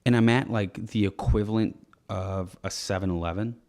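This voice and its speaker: Gravelly young man telling a rambling story. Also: on the low side, steady tone, moderate pace, darkish tone. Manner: rambling, laughs often, acts out voices in anecdotes. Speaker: podcast co-host. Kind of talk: casual comedic storytelling.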